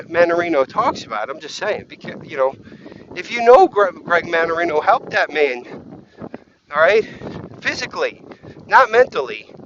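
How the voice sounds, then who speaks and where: A high-pitched man rants as he walks, swearing freely and drifting from point to point. The recording is muffled and lo-fi. Light wind noise rustles behind him. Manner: profane, scattered, easily distracted. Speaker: vlogger. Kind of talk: rambling walk-and-talk rant. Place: outdoors on a windy walk.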